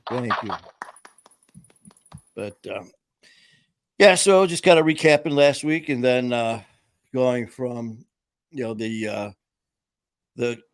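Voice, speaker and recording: A man's voice: medium pitch, takes it slowly, long pauses, no room sound, studio quality. A man hosting a casual live-stream chat, rambling and jokey, acting out quotes as he tells stories. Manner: jokey, rambling storyteller who acts out quotes. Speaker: host.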